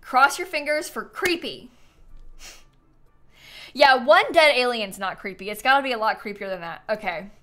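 A woman's voice: fairly high pitch, normal speed, pauses often, pushed and bright. A woman streaming a game, gushing and giggling in casual live commentary.

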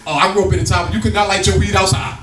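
A man's voice: sits high, flat delivery, rapid-fire, a bit bright, distant mic. A man doing stand-up, working the crowd with rambling street slang. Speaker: stand-up comedian. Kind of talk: stand-up comedy. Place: comedy club. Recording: echoey club recorded from afar, crowd.

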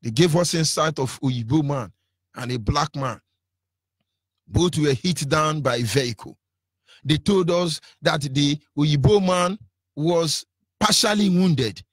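A man's voice: a little high, unhurried, breathy edge, no room sound, clean studio sound. A man with a Nigerian accent giving an impassioned, preacherly radio talk, fiery and defiant. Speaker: radio broadcaster.

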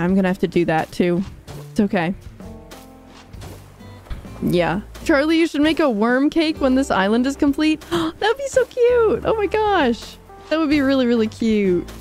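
A woman's voice: mid-range voice, a little mellow. A woman livestreaming as she plays a game, chatting casually and bubbly, rambling and reading out viewer comments. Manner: bubbly, rambling, reads chat aloud. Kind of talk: casual livestream chat while playing.

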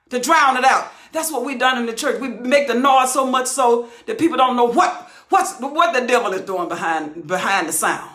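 A woman preaching on a Bible passage with a high, bright voice that rings in a roomy, echoey space. She hollers and drives her points home by repeating phrases. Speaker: Bible teacher. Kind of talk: impassioned verse-by-verse preaching. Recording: roomy echo.

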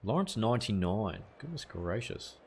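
A man's voice: lowish voice, very animated, moderate pace, a little hiss or hum. Chatty New Zealand man streaming. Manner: casual, chatty, reads out chat messages, mild swearing. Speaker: gaming streamer. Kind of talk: live gameplay commentary, chatting with viewers.

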